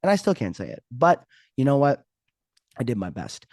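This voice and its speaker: A man's voice: medium pitch, wildly swooping pitch, moderate pace, darkish tone, no echo, clean studio sound. A man hosting a podcast, talking casually in a joking, rambling, self-mocking way. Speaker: podcast host. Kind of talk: casual podcast intro monologue.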